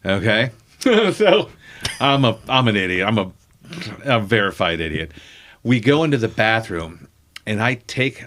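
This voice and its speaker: A man's voice: fairly low pitch, a bit bright. A comedian telling a profane, self-mocking story from his childhood in casual chat.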